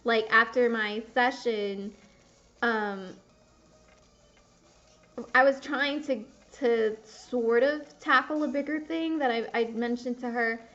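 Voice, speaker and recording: A young woman with a fairly high voice talks casually and openly while she plays a game, rambling from thought to thought and cursing at the game when it goes wrong. The sound is dull and lo-fi. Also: takes it slowly, long pauses, a bit bright, faint music behind. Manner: candid, rambling, swears at the game. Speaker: gaming video creator.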